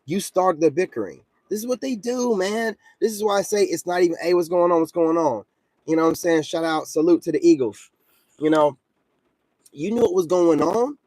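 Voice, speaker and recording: A man's voice: sits high, a little fast, darkish tone, dry recording. A man, ranting bluntly and confrontationally in casual talk, peppered with repeated filler asides. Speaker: commentator vlogger. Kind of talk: casual rant to camera.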